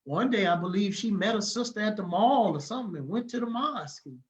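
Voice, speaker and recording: A man, telling stories as a podcast guest in a lively, casual way and acting out the people he quotes. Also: high voice, quick pace, low-quality recording. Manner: animated, acts out the people he quotes, laughs often. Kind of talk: casual storytelling.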